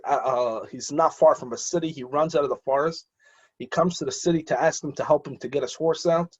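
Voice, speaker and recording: Husky man telling an animated story. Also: on the high side, muffled recording. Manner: animated storytelling with quoted voices; hesitant with frequent fillers and restarts. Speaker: rabbi. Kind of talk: storytelling talk.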